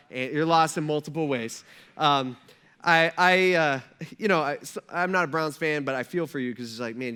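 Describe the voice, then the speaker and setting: A man's voice: medium pitch, fairly bright tone, smooth. A young adult man, a pastor preaching a sermon in a casual, humorous storytelling way.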